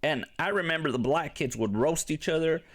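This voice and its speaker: A man's voice: on the high side, a little fast. A young man giving blunt, profane reaction commentary, ranting casually as he reacts to clips. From Mexican-American, grew up near a casino. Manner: blunt and profane, animated rants.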